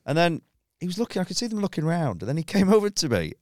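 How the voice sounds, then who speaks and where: A man's voice: sits high, fast talker, no room sound, clean studio sound. A man telling a story in casual chat, acting out the other people's lines. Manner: animated, acts out dialogue in raised voice. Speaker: comedian guest.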